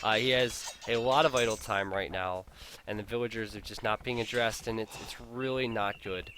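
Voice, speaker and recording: A man's voice: fairly low pitch, fairly even intonation, moderate pace. A man giving live play-by-play commentary on a strategy game match, chatty and openly incredulous, laughing at the players' blunders. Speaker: game caster.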